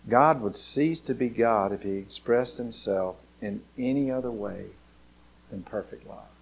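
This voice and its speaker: A man, a pastor, delivering an earnest sermon straight to his listeners, shifting from hushed, slow lines to loud, excited ones. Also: mid-range voice, creaky. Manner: dramatic preaching, swinging from hushed to loud; earnest and direct, addressing listeners.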